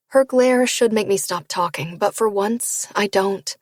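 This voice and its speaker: A woman's voice: mid-range voice, moderate pace, few pauses, no room sound. Woman narrating an audiobook, dry sound. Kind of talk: first-person audiobook narration.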